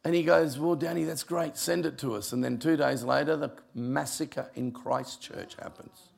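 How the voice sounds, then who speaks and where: A middle-aged pastor with a gravelly, fry-laden voice sitting a little high. He tells a sermon story with a comic touch, often sinking into quiet, emotional tones. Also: fairly even intonation, moderate pace. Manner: gravelly voice, humorous, drops quiet for emotional moments.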